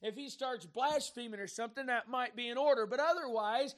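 Brief: male preacher, very high voice, fervent, builds to shouts. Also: moderate pace, hardly any pauses. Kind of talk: fiery sermon.

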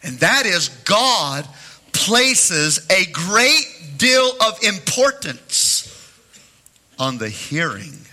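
A man preaching a sermon as pastor in a church, with a rhythmic, repetitive cadence that swings between loud emphatic peaks and low near-whispers. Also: big pitch swings, very slow. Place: church sanctuary.

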